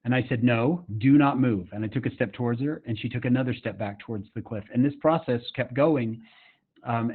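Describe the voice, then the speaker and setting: A middle-aged man from Utah tells a personal story to a summit audience, earnest and chatty, often stopping to ask the listeners a question. His voice sits at an ordinary pitch. The sound comes through thin and tinny, like a phone line. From Utah, USA. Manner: earnest, conversational, with frequent fillers and asides to the audience. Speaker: summit speaker.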